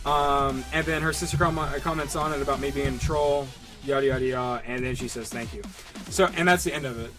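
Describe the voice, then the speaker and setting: A man's voice: medium pitch, steady tone, brisk, music in the background. A young man co-hosting a podcast in casual chat, reading out online comments in a mocking way, with many fillers. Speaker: podcast co-host.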